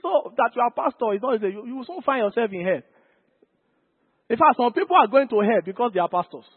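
Preaching a sermon with emphasis, a pastor keeps calling out to his congregation in a husky voice that sits very high for a man. He talks fast and expressively, and the thin, phone-like recording leaves a long reverb trailing after each phrase.

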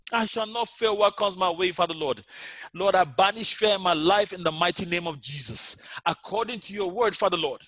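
A man's voice: sits high, fairly bright tone, dry recording, low-quality recording. A man preaching and leading prayer, chanting fervently and repeating "Father Lord" as he speaks to listeners at home. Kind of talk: prayer and sermon.

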